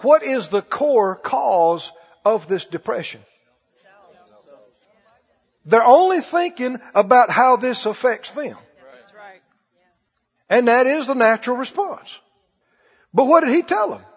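A man preaching a sermon in an animated way, drawing call-and-response from his congregation. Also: extremely high pitch, slow, pauses often, breathy edge. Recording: dull audio with long hall reverb.

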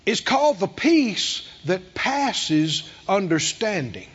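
A man's voice: high-pitched, very animated, slow, breathy edge. A man preaching a sermon to a congregation in a church hall, emphatic, asking rhetorical questions and calling for responses. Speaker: pastor. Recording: dull recording with long hall reverb.

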